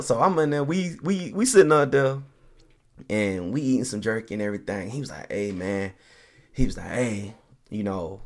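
A man hosting a podcast, telling a long story in a relaxed, animated way, acting out the people he quotes and laughing often. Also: mid-range voice. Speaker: podcast host. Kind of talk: casual storytelling.

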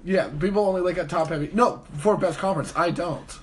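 A man's voice: high-pitched, a little hiss or hum. A man co-hosting a casual sports podcast, arguing his point defensively with frequent restarts. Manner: fast, defensive, stumbles into restarts when arguing. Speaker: podcast co-host.

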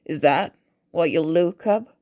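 A woman voicing a menacing male guard with a knife, in a low, gruff, threatening mutter. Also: measured pace, dark tone, no echo, clean studio sound.

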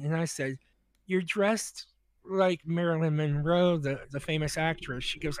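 A man co-hosting a podcast, telling a long story in casual chat, animated and stammering through restarts as he acts out what people said. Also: a little high, a little slow, clean tone, no echo.

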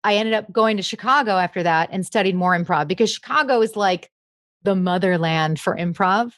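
A young woman, a comedian, chatting in an interview, lively and laughing often. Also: mid-range voice, a little fast, no room sound, studio quality. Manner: chatty, animated, laughs often, slips into impressions. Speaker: comedian guest. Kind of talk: casual interview chat.

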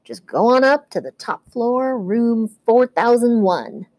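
A woman's voice: fairly high pitch, big pitch swings, takes it slowly, a little mellow, dry recording, voice pushed up, full character voice. A woman reading a novel aloud, voicing a breezy, overly friendly male casino bellhop in an upbeat, eager way. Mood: cheery. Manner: upbeat, eager, brushes off questions.

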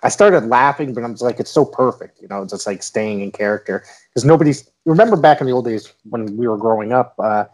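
A man hosting a wrestling podcast, talking in a relaxed and agreeable way with frequent fillers. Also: mid-range voice, fairly quick, hardly any pauses. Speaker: podcast host. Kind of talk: casual podcast chat.

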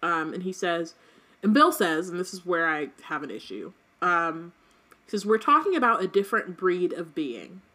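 A woman's voice: lowish voice, very animated, normal speed, sharp tone. A woman co-hosting a casual book podcast, reading passages aloud and laughing often. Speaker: podcast co-host. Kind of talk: casual book-discussion chat.

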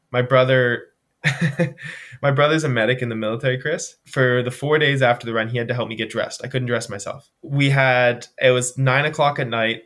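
Brief: young man from Nova Scotia, lively storyteller, casual guest on a call, mid pitch. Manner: animated storytelling, frequent fillers. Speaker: guest, charity runner. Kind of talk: casual interview chat. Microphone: remote video call.

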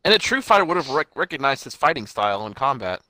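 A man's voice: medium pitch, very animated, fast talker, pushed and bright, no room sound, low-quality recording. A man in casual, profane chat, dropping wry jokey asides. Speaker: podcast co-host.

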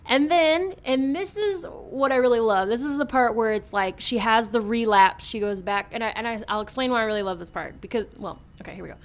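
A woman casually recapping a horror comic in chat, animated, dropping into quick character voices with lots of fillers. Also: fairly high pitch. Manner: chatty, lots of fillers and restarts. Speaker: podcast co-host recapping a comic.

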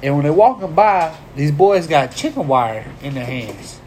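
A man's voice: a little high, sing-song, moderate pace, darkish tone, a little hiss or hum. Profane, teasing man hosting a podcast. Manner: loose, profane, teasing, storytelling. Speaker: podcast host. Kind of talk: casual podcast banter.

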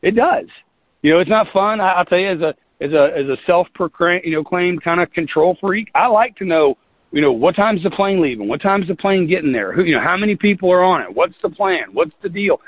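A man's voice: high-pitched, animated, fairly quick, dry recording. Earnest folksy man on a tinny line. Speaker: business leader. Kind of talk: motivational team talk.

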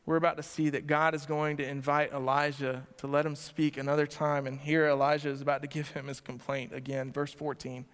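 A male pastor preaching to a church congregation, asking them direct questions and swinging between loud emphasis and quiet lines. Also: fairly high pitch, level tone, brisk, few pauses, smooth. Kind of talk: sermon. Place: church sanctuary before a congregation. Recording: long hall reverb.

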